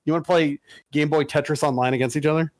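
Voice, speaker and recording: A man's voice: a little high, fairly even intonation, quick pace, dry recording. A man hosting a casual podcast chat, rambling and profane, with many restarts.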